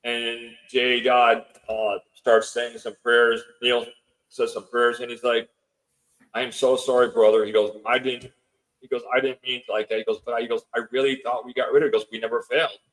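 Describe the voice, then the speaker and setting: Here a podcast guest who owns a house talks at a moderate pace in a mid-range, level voice with a fairly bright tone, though the recording quality is low. Rambling through a lengthy anecdote, he keeps quoting other people's words, restarting himself and dropping in fillers.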